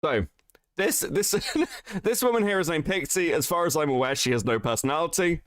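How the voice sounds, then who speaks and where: A man hosting a live commentary stream, his voice slightly high and swinging widely in pitch. He swears freely and laughs often. The sound is close and dry, with no room around it. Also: expressive, brisk, clean tone, no echo. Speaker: streamer host.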